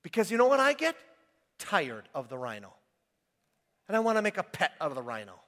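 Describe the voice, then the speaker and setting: A man preaching a sermon, animated and emphatic, sometimes rising to a shout and then dropping back to quiet reading. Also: high-pitched, brisk. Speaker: pastor. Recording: long hall reverb.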